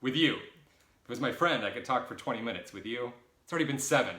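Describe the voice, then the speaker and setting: A middle-aged man from the United States talks through a viewer Q&A in a loose, rambling way. His voice is bright and forward, with a lively pitch that swings around, and he makes jokey, self-deprecating asides. The room around him is echoey. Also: fast talker. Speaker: vlogger answering viewer questions. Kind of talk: casual rambling Q&A. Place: his boyfriend's home.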